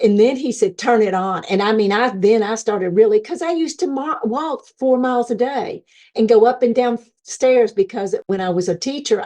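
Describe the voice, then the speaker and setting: A middle-aged woman with a warm, mellow voice tells a personal near-death story. She talks earnestly and plays out the thoughts she recalls from the hospital as she goes. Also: mid-range voice. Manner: earnest storytelling, acting out her own remembered thoughts. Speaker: near-death experience guest. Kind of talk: personal testimony.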